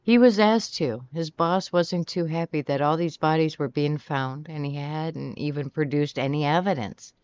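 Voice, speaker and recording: A reader voicing an outspoken, excitable woman who is the narrator's best friend, quick to exclaim. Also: mid-range voice, smooth, no room sound, lightly acted. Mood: gossipy. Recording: dry, slightly muffled sound.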